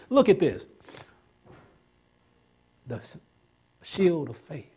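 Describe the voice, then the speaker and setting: Husky preacher man, building to emphatic peaks. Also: fairly high pitch, very animated, extremely slow, pauses often, warm tone. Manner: preaching with rising, emphatic climaxes and call-and-response. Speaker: pastor. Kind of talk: sermon.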